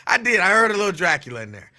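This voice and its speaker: A man hosting a call-in radio show in a loose, teasing way. He laughs a lot and repeats his own lines, and at times he slows down to read a definition out deliberately. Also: sits high, gravelly, bright, forceful tone. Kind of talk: casual call-in radio talk.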